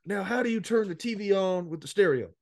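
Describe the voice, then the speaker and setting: A man's voice: high voice, animated, fast, gravelly, dry recording, clean studio sound. A man hosting a podcast in casual chat, telling stories animatedly and mimicking people in a raised voice. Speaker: podcast host.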